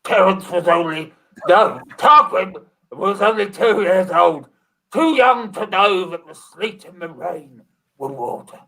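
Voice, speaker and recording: A man's voice: high voice, animated, a little slow, gravelly, bright, forceful tone. A man narrating an improvised comedy story in a mock-dramatic storytelling manner. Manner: mock-dramatic, laughing through lines.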